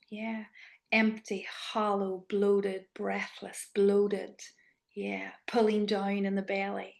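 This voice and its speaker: A woman teaching an online class on body awareness, asking the group probing questions and sometimes dropping to a soft whisper. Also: mid-range voice, creaky. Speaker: embodiment trainer.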